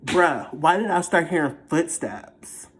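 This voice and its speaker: A vlogger casually telling a personal story in a dramatic, animated, slangy way. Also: medium pitch, a little slow, a little hiss or hum. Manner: slangy, conversational.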